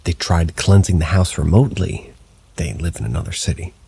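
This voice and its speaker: Husky-voiced, a man narrates scripted first-person ghost stories in a low, steady storytelling manner. He moves fairly quickly, and there's a slight hiss or hum in the background.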